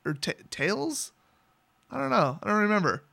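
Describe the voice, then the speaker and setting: A man's voice: sits high, very animated, normal speed, vocal fry, bright, forceful tone. A young man telling a card game story in a casual, sarcastic, exasperated rant. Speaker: card game content creator.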